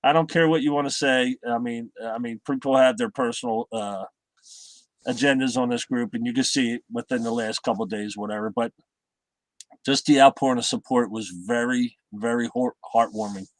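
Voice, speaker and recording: A middle-aged man chatting casually as a guest, halting and repeating his words as he tells stories. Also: mid-range voice, steady tone, no echo. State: recovering from heart surgery. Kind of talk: casual chat.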